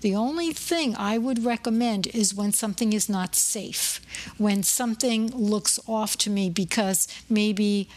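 A woman's voice: medium pitch, measured pace, darkish tone. Chatty woman podcast host. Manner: chatty, opinionated, tells anecdotes. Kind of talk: casual interview chat.

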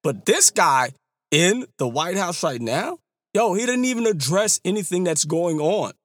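A man's voice: high voice, sing-song, a little slow, a bit bright, no echo, clean studio sound. A man giving heated political commentary, emphatic and repeating himself, with casual slang.

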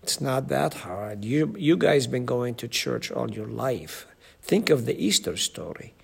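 A man leading a Bible study group, teaching slowly with many ums and asking the group questions. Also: mid-range voice, sing-song, creaky, slightly rough.

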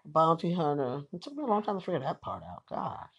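A podcast host talks through a movie as it plays, in loose and unscripted running commentary. The reactions come out in sudden, excited bursts, with plenty of casual swearing. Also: medium pitch, fairly quick, husky.

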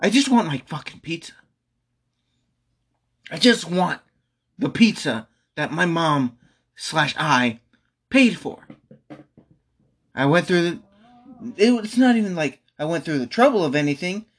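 A man's voice: a little high, very animated, a little slow, long pauses, a bit bright, breathy edge. A young man at home venting angrily in a rambling monologue, repeating himself and swearing. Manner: exasperated, repetitive, swearing. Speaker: vlogger.

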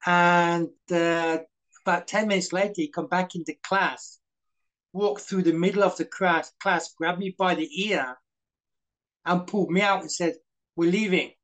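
Man telling stories, slightly high voice. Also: fairly even intonation, measured pace, fairly bright tone, rough recording. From Britain. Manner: anecdotal, acts out quoted dialogue, frequent fillers. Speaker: guest, former stuntman. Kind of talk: casual storytelling interview.

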